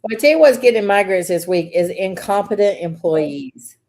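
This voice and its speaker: Woman, podcast co-host, chatty storyteller who laughs often, mid-pitched. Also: fairly quick. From Southern US. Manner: chatty storyteller, animated when telling stories, laughs often. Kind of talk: casual chat.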